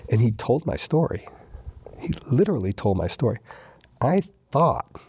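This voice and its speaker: A man guest in a casual interview, telling his recovery story with lively retellings, acting out quoted dialogue and repeating lines for emphasis. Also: medium pitch, moderate pace, breathy edge, dry recording.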